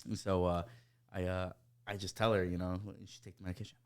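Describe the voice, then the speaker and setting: A man hosting a casual chat, telling rowdy stories and acting out the people in them in loud, raised voices, with plenty of swearing and laughter. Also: a little fast, smooth. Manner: animated storyteller, acts out coworkers in loud high voices, swears a lot, laughs often. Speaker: podcast host.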